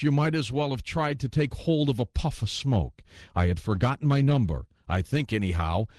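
A man narrating a ghost story as an audiobook, reading in an expressive storytelling manner. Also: medium pitch, dry recording, studio quality.

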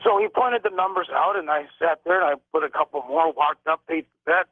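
A middle-aged man calling in to a radio show, telling a story in an animated way and acting out the lines people said. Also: on the high side, fairly quick, dry recording. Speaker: caller. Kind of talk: phone-in storytelling. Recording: tinny phone line, dry.

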